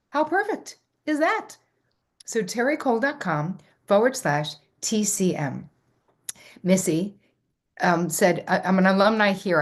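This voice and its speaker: Woman, middle-aged, effusive live host, mid-pitched voice. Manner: effusive, enthusiastic, warm toward viewers. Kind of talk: live workshop Q and A, reading chat comments.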